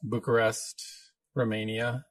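A man's voice: mid-range voice, level tone, slow pace, no echo. A man hosting a casual livestream, answering viewer questions in a rambling, easygoing way. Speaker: livestream host and minister.

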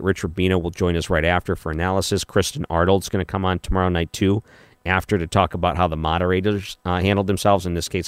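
Low-voiced man hosting talk radio. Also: smooth, no room sound. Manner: conversational, many restarts, calmly skeptical. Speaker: radio talk show host. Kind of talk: late-night talk radio commentary. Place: radio studio. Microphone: studio microphone.

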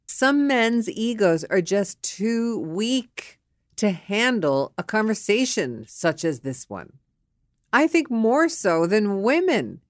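A middle-aged woman host giving a frank monologue, candid and animated, who acts out both sides of a scene. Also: mid-range voice, takes it slowly, dry recording, studio quality.

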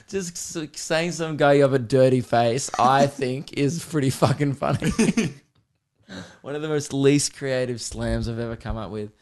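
An Australian man in his twenties hosts a casual podcast, spinning loose, profane comic stories that wander off and circle back. His voice sits at an ordinary middle pitch for a man, picked up on a close studio mic. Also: slow. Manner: rambling, profane comic storytelling. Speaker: podcast host.

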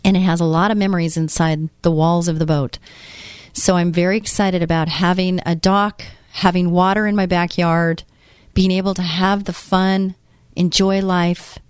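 A woman's voice: fairly low pitch, little pitch movement, normal speed, clean tone, no echo, studio quality. A woman in her late fifties hosting a faith-based talk show, speaking in an earnest, encouraging way. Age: 50s. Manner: earnest, encouraging, acts out voices of doubters. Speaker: host.

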